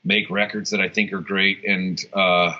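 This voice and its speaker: A man's voice: sits low, level tone, moderate pace, sharp tone. A man in a casual interview, rambling with lots of restarts, fillers and swearing. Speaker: guitarist and songwriter, interview guest. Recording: dull lo-fi sound.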